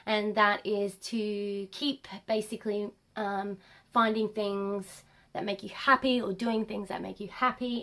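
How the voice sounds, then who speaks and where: A woman's voice: medium pitch, fairly bright tone. A young adult woman vlogging casually to camera at home, rambling with many ums.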